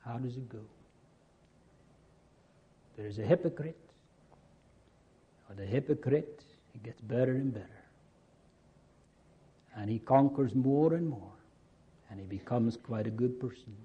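A man preaching a sermon to a congregation, earnest and slow, repeating key phrases. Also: mid-range voice, husky, highs cut off.

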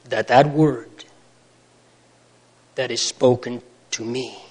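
Slow, solemn man preaching a sermon. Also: medium pitch. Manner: slow, solemn and pleading, with swells and drops in loudness.

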